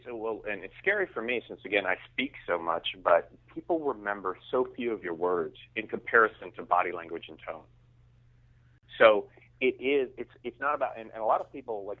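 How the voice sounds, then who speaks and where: Male guest heard over a thin, phone-like line, emphatic and self-restarting. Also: lowish voice. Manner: emphatic, repeats words when starting sentences. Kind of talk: conversational business interview.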